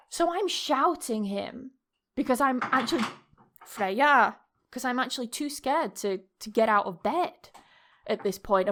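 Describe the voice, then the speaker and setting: A woman's voice: on the high side, a bit bright. A young woman, hosting a podcast and telling a story in a rambling, chatty way, swearing freely and laughing often. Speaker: podcast host. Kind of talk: casual storytelling monologue.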